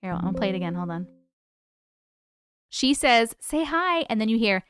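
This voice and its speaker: A woman hosting a casual live stream from her desk at home, chatty and excitable, swearing freely. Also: a little high, moderate pace, clean tone, no echo, clean studio sound.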